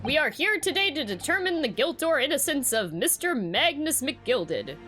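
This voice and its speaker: A woman's voice: high-pitched, very animated, moderate pace, music in the background. A woman voicing a stern male judge in a video game, speaking in a formal, solemn way.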